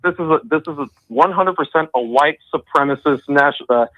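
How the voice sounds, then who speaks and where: A man's voice: fairly high pitch, a little fast, no echo. Angry male caller on a dull phone line. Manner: angry ranting, insulting. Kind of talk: call-in rant.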